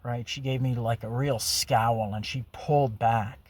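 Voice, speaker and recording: A man's voice: mid-range voice, steady tone, measured pace, a little mellow, dry recording. A man telling a personal story in a rambling, casual monologue full of fillers and crude language. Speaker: vlogger.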